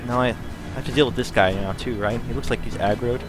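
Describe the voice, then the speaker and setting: A man's voice: mid-range voice, fairly even intonation, fast talker. An American man streaming a game, chatting casually and answering chat while he plays. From United States. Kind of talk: casual gameplay commentary. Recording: game music playing behind. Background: game music.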